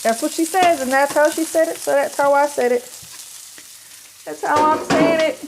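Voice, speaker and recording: A woman's voice: high voice, fairly even intonation, moderate pace, creaky, a little hiss or hum. A woman vlogger chatting casually to her phone camera while cooking in her home kitchen, folksy and easygoing.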